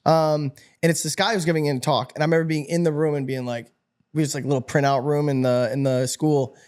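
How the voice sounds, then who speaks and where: A young man from upstate New York telling stories as a guest in a casual interview, energetic and animated, laughing and swearing freely. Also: on the high side, a little fast, smooth. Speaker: podcast guest.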